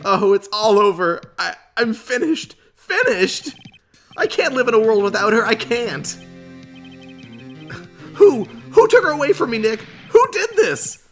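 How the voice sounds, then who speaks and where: A man's voice: very high-pitched, very animated, a little slow, fairly bright tone, faint music behind, voice pushed up, exaggerated voice. A man voicing a whiny, panicking young man in a game, wailing and desperate.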